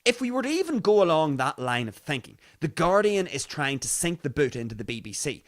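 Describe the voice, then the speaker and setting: A man's voice: fairly high pitch, big pitch swings, brisk. A man hosting his own podcast, giving mocking news commentary full of rhetorical questions and casual swearing. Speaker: podcast host.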